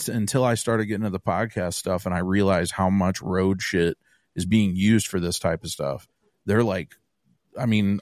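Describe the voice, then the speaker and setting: A man hosting a podcast, chatting in an animated, profane, quick way. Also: deep voice, no echo, clean studio sound. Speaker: podcast host and musician. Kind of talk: casual chat.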